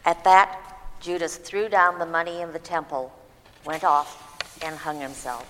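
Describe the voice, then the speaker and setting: A woman reading scripture aloud in a steady, even narration. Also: sits low, unhurried, in a large hall, a little hiss or hum, poor audio. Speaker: scripture reader.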